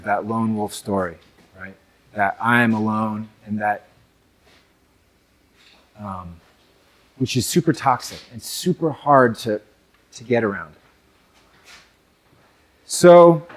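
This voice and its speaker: Brief: young adult North American man, speaking to a live audience, conversational and reflective, mid-range voice. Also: mid-range voice. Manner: reflective, conversational, many fillers and asides. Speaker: men's work speaker.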